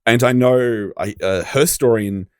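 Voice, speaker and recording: Host, man, excitable and sweary, dry mic. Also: mid-range voice, normal speed, no room sound. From Australia. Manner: enthusiastic, sweary, plugs episodes. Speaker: podcast host. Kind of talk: casual chat.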